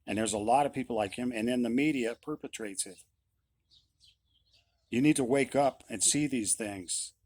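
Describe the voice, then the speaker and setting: A man's voice: mid-range voice, normal speed, pauses often, darkish tone. A middle-aged man, a musician, giving a blunt, insistent opinion monologue and repeating his points.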